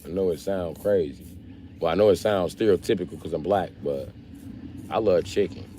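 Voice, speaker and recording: A man from Chicago with a strikingly deep, low voice, chatting casually to his livestream viewers. He jokes bluntly and swears freely. A faint hum of background noise sits under his voice. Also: normal speed, warm tone. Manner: profane, blunt, joking banter. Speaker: livestream host.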